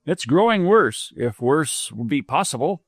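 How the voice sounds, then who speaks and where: Man voicing a courteous young gentleman, formal, slightly raised pitch, dry close audio. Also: very animated, measured pace, no room sound, full character voice. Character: polite, proper young gentleman.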